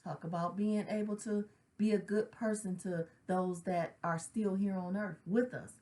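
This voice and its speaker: A woman's voice: medium pitch, steady tone, unhurried, warm tone. Earnest woman reflecting on grief. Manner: conversational, tag questions like "right?"; earnest, uses casual slang. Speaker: grief counselor sharing her own loss. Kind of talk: personal spoken reflection.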